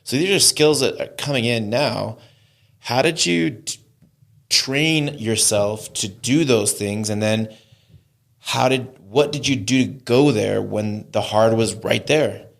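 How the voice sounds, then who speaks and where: A man's voice: mid-range voice, takes it slowly, vocal fry. A man hosting as a recovery coach, asking long winding questions with frequent restarts. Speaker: recovery coach and podcast host. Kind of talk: conversational interview.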